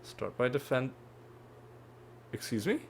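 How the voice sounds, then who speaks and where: A man's voice: medium pitch, sing-song, takes it slowly, a little hiss or hum. A man hosting a let's play, giving gameplay commentary in swearing, frustrated rants full of stammered restarts, with game music behind him.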